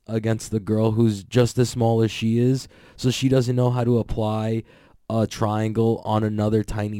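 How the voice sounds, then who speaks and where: A young man casually recapping events in a rambling, excitable way, swearing and laughing often. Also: lowish voice, no echo, studio quality. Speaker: podcast host recapping jiu-jitsu events.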